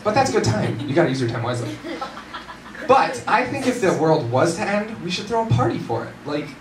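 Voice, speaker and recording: A young man doing a live stand-up routine at a university event, animated and self-mocking, with mumbled asides between louder bits. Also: high-pitched, brisk, a crowd in the background. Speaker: stand-up comedian. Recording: echoey hall from far off, noisy.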